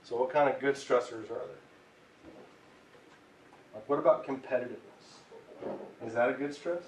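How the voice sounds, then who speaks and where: A man teaching a class in a relaxed, chatty way, often checking in with "right?". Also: medium pitch, moderate pace. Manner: conversational, keeps asking "right?". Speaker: tobacco cessation instructor. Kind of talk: classroom lecture. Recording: echoey room, mic far off, faint hiss.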